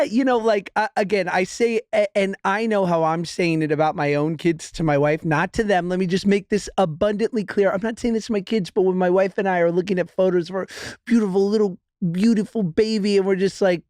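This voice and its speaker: A man's voice: high voice, darkish tone, no echo. Male podcast host, wry banter, dry close-miked sound. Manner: wry, joking, chatty. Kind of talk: casual chat.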